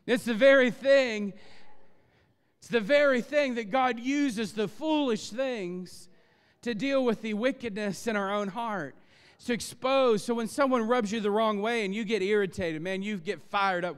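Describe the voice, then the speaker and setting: A male pastor delivers a fervent sermon in a high, smooth, resonant voice. He presses his points with rising, emphatic force. The sound rings with the long reverb of a church sanctuary. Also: measured pace. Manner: impassioned, rising to loud emphatic peaks.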